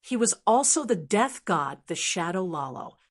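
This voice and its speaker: A calm, measured male priest, as a woman narrator puts him on. He speaks steadily and unhurriedly in a fantasy audiobook, at a middle pitch.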